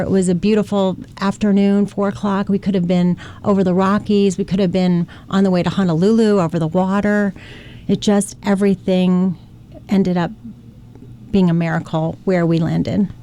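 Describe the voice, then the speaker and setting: A woman's voice: medium pitch, dark tone, slight background noise. A middle-aged woman from Ohio, earnestly recounting a past experience as a guest on a radio interview. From Ohio, United States. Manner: earnest, emotional storytelling with acted quotes. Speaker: interview guest, flight attendant.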